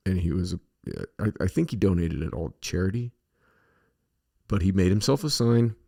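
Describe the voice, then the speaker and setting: Low and dark with plenty of vocal fry, a middle-aged man from the western U.S. hosts a podcast. He tells stories in a loose, profane, rambling monologue packed with fillers.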